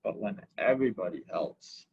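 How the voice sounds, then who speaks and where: A man reading picture books aloud at a library story time, slow and unhurried, adding short comments of his own. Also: low-pitched, expressive, a little mellow, highs cut off, a little hiss or hum.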